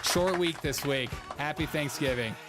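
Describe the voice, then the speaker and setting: Sarcastic, slightly high-voiced male host. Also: unhurried, over music. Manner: sarcastic, mocking, laughs often; reads viewer chat aloud. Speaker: live stream host. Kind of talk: casual live-stream chat.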